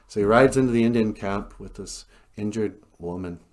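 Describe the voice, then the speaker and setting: A man's voice: fairly low pitch, normal speed, darkish tone. A man from an Ojibwe community retelling a story in a loose, chatty, joking way with laughing asides. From Ojibwe community, North America. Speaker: storyteller, host. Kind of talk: comic storytelling.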